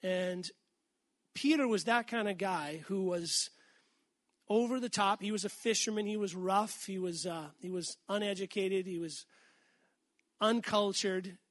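High-voiced man preaching a sermon. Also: fairly bright tone, dry recording. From Massachusetts. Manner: conversational, asks the congregation questions, slows for scripture. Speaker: pastor.

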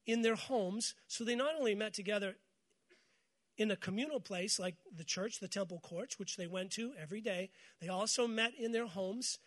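A man with a high, light voice preaches a morning sermon. He keeps calling on the congregation to repeat his words back to him, and he mixes scripture with joking stories. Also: normal speed, fairly bright tone. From United States. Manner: call-and-response with congregation, storytelling with humor. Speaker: pastor.

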